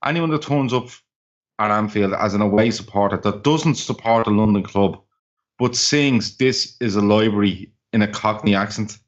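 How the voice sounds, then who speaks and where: On a football podcast he co-hosts, a man rants bluntly and swears freely, his voice fairly low and his pace moderate. The casual banter is captured on dull, lo-fi call audio.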